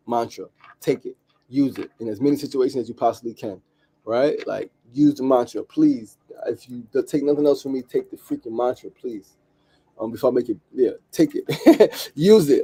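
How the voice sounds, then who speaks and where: A podcast host delivers motivational talk in emphatic, repetitive, slangy street style, ending lines with "right?". His voice is medium-pitched at normal speed, and he's animated.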